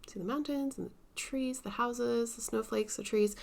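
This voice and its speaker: A woman vlogger chats casually about her stitching projects in a show-and-tell style, taking her time and dropping in soft asides. Her voice sits a little high and has some vocal fry.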